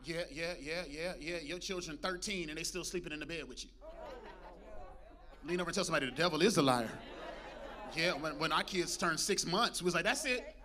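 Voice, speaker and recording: A man preaching a lively sermon as pastor, calling out to the congregation and joking between points. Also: fairly high pitch, fairly quick, a faint crowd. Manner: preachy call-and-response with congregation, humorous asides. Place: church.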